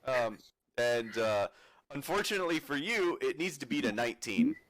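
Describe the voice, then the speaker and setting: A man's voice: medium pitch, sing-song, normal speed, a bit bright. A man running a tabletop game as game master, laughing often and talking with many fillers and restarts.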